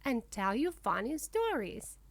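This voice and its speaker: A woman's voice: a little high, sing-song, unhurried, no room sound, exaggerated voice. A woman voicing a playful little ostrich girl who talks eagerly in a storybook reading.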